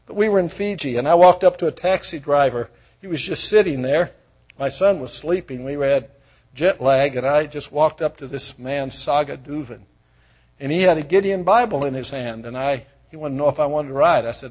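An older man with a husky voice preaching a sermon, moving from quiet storytelling to loud, fervent proclaiming. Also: a little high, fairly quick. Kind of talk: sermon with personal stories.

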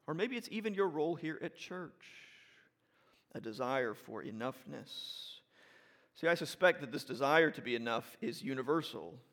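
A man's voice: medium pitch, fairly bright tone. A middle-aged man, a pastor preaching a sermon in a conversational way, often checking in with the congregation and repeating phrases for emphasis. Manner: repeats and restarts phrases while building emphasis.

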